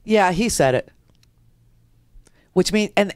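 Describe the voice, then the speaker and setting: A woman's voice: sits low, animated, slow pace, long pauses, smooth, dry recording. Indignant woman radio host. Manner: indignant, sarcastic. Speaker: radio talk show host. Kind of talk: political commentary.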